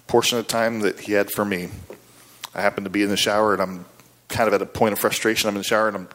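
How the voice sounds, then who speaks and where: A guest preacher, middle-aged and slightly low-voiced with a fairly bright tone, gives a sermon in a folksy, conversational style, tossing casual asides to the congregation. Pressing a point, he climbs in pitch and adds emphasis.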